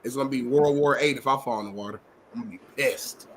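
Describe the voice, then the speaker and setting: A man's voice: mid-range voice, fast talker, a bit bright, slight background noise. A man co-hosting a podcast in casual chat, teasing his partner and greeting the live chat. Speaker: podcast co-host.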